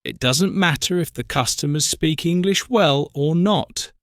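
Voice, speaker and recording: Slow, clear male story narrator. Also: fairly high pitch, dry recording, clean studio sound. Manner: slow, clear, simple sentences. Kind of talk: graded-reader story narration for learners.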